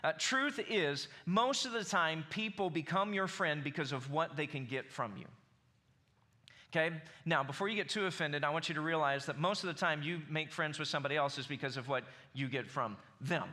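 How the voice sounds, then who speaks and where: A man's voice: on the high side, normal speed, pushed and bright. A man in his forties with a Southern US accent preaching a sermon, conversational and building to emphatic bursts. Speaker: pastor.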